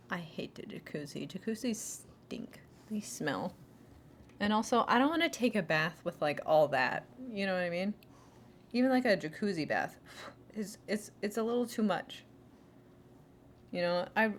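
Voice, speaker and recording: A woman's voice: medium pitch, a little hiss or hum. A young woman streaming and chatting casually, rambling with many restarts and little giggles. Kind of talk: casual chat.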